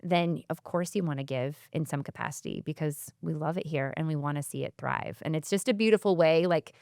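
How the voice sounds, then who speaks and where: Woman guest, lowish smooth voice, chatty and heartfelt, dry close podcast mic. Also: fairly quick, darkish tone, dry recording. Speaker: community foundation staff. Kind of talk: casual podcast conversation.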